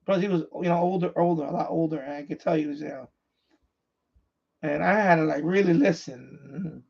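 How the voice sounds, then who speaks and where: The host is a man with a high, gravelly and husky voice who rambles and keeps circling back over the same point. The stream audio sounds dull and lo-fi. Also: fairly quick, a little mellow. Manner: repetitive, restarts sentences often. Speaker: livestream host, amateur radio operator. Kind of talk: casual rambling chat.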